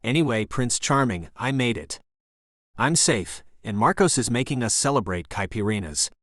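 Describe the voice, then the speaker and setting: A man's voice: medium pitch, lively intonation, normal speed, a bit bright, no echo, clean studio sound, natural voice. A man voicing a nervous young woman in an audiobook, playful but keeping her distance. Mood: teasing.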